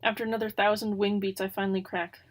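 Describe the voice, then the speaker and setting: A woman's voice: mid-range voice, little pitch movement, fast talker. A woman reading a children's novel aloud and breaking off now and then for casual, wry remarks about the text. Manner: casual, wry asides between passages. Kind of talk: reading a book aloud with chatty asides.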